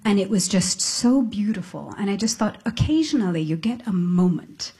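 A woman's voice: mid-range voice, expressive, slightly rough. A middle-aged woman musician, talking thoughtfully on stage in an interview, with frequent restarts. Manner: thoughtful, halting restarts, soft laughs. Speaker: musician guest. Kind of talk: reflective interview talk. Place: on stage before an audience.

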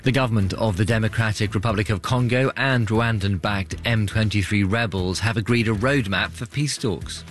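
A man co-hosts a radio news show, reading headlines briskly in a lowish voice. A faint music bed sits underneath. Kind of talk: news presenting.

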